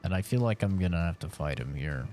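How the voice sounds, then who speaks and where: A man's voice: low-pitched, lively intonation, fast, warm tone, soft background music. Chatty male game streamer. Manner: chatty, talks to viewers. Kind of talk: casual live-stream chat.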